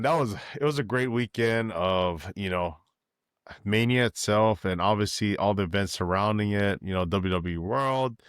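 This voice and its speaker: A man's voice: lowish voice, smooth, no echo, studio quality. A man co-hosting a wrestling podcast in an easygoing chat, full of fillers, hyping wrestlers and thanking viewers. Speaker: podcast co-host.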